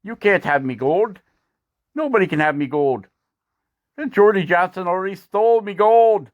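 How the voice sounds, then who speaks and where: A man's voice: high voice, moderate pace, lo-fi sound, pitched above the performer's own voice, natural voice. Cackling leprechaun, as a man puts him on. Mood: taunting. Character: cackling mischievous male leprechaun guarding gold.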